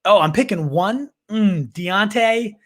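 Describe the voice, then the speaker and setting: A man's voice: high-pitched, expressive, slow. Hyped man hosting a fantasy sports livestream. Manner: hyped, slangy, calls viewers "baby" and "my dude"; restarts and repeats words while thinking aloud. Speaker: fantasy football livestream host. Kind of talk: casual live Q&A chat.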